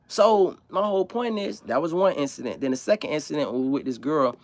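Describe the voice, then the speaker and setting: A man who grew up in South Florida, hosting a livestream and talking in a blunt, profane, animated way. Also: fairly high pitch, fairly quick, few pauses, dry recording. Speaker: livestream host. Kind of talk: casual opinionated monologue.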